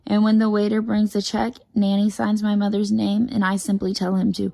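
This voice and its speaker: Reading a picture book aloud, a woman uses a heavily gravelly, fry-laden voice at medium pitch, speaking fairly quickly with hardly any pauses. She tells the story lively in the first person as a chatty, bossy little girl. The rough recording is close and dry, with no echo or room sound.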